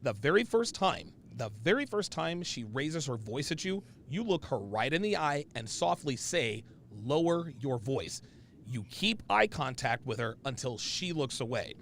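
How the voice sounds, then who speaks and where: Animated gravelly-voiced man hosting a podcast. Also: medium pitch, normal speed, few pauses, a little hiss or hum. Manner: blunt, emphatic, profane, with laughs and restarts. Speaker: podcast host. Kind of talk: casual podcast talk.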